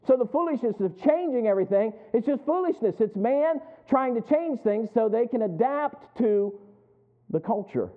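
A man's voice: very high-pitched, lively intonation, normal speed. A man preaching a sermon in a church, folksy and joking, often quizzing the congregation. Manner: folksy, asks the congregation questions and jokes. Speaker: pastor. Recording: tinny phone-like sound.

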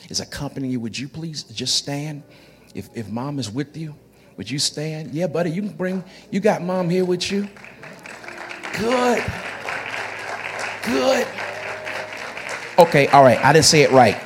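A man's voice: mid-range voice, slight background noise. Man, pastor, sermon, folksy, repeats himself, faint room ambience. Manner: folksy, joking with the congregation, often repeating words. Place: church sanctuary.

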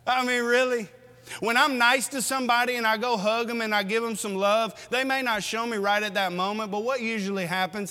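Male preacher, very high, bright, forceful voice, lively exhortation, long hall echo. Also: normal speed, clean tone. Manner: animated, exhorting the congregation with rhetorical questions. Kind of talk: sermon.

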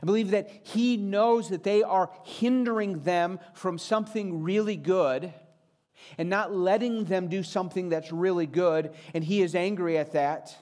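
A man preaching a sermon in an earnest way, shifting his pace and pitch for emphasis. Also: a little slow, darkish tone. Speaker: pastor.

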